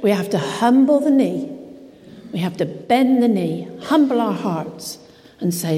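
A woman's voice: mid-range voice, lively intonation, measured pace, mellow, big-room sound. A woman preaching a sermon earnestly and emphatically, putting direct questions to her congregation.

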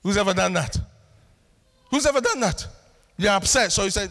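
Guy preaching in a church, lively, acts stuff out, highish voice, big reverb. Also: a little fast. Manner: animated, acts out family scenes with voices. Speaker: pastor. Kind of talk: sermon. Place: church hall. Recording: long hall reverb.

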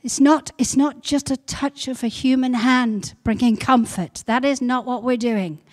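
A woman pastor giving a sermon, building to loud repeated emphasis. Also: on the high side, measured pace.

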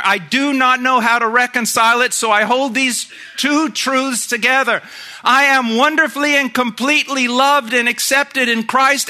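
Intense high-voiced male preacher. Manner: swings from hushed intensity to shouted emphasis. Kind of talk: sermon.

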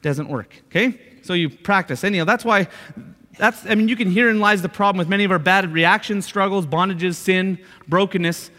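A man's voice: high voice, fairly quick, bright, forceful tone. A man preaching a sermon as pastor, talking conversationally and repeating his points with frequent "right?" asides. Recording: long hall reverb.

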